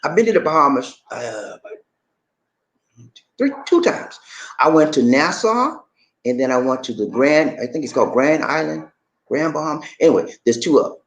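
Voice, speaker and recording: A man giving casual travel tips to the camera as a vlogger. He is chatty and animated, calls the viewer "man" and "baby", and repeats his points. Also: a little high, normal speed, pauses often.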